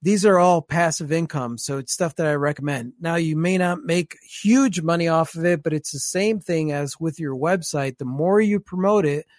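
A man co-hosting a live stream, talking fast and excitedly in a casual chat. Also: fairly high pitch, dry recording, studio quality.

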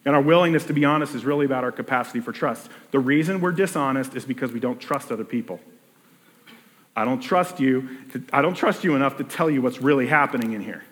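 A man's voice: mid-range voice, fast talker, long reverb tail. A man preaching a sermon in a casual, conversational way, often restarting his sentences and acting out people's inner voices. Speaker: pastor.

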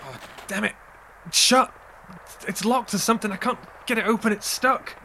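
A man in casual gaming banter, quick and jokey. His voice is bright and a little high. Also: a little hiss or hum. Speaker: gamer.

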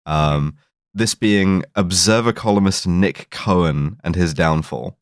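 Deep sardonic man. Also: slow, dry recording, studio quality. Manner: sardonic, sweary. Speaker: podcast co-host. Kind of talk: casual podcast chat.

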